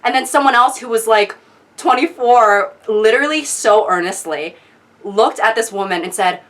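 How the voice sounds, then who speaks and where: A young adult woman hosting a comedic commentary video, sarcastic, animated and exasperated. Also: a little high, moderate pace. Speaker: video host.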